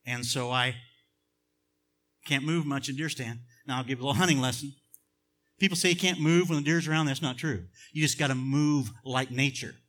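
A middle-aged man preaching a sermon, telling a personal story in a hushed voice, then building to loud, emphatic preaching. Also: mid-range voice, normal speed. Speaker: pastor.

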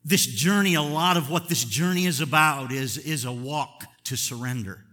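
An older man preaching a sermon as pastor, chatty and chuckling, moving between loud emphatic bursts and quiet asides. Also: on the high side, moderate pace, big-room sound.

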